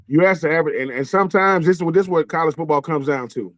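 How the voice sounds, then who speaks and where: A man in a casual sports debate, talking in a colloquial, emphatic way with quick asides. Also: a little high, a bit bright, dry recording. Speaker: panelist.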